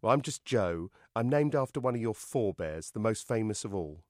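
A man's voice: on the low side, lively intonation, brisk, a little mellow, dry recording, studio quality, lightly acted. A man voicing a frail, earnest young man in his twenties. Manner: earnest, eager.

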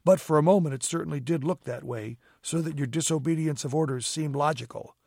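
A man voicing a calm, cutting gentleman detective in an audiobook, measured and coolly ironic. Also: a little high, breathy edge, no room sound, clean studio sound. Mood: cool, commanding. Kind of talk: audiobook character reading.

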